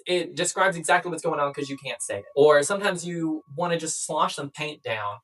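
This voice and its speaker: A young adult woman chats casually to camera, sharing life tips in a blunt, playful way and swearing often. Her voice is low-pitched and a little fast. The mic is distant, with background music playing.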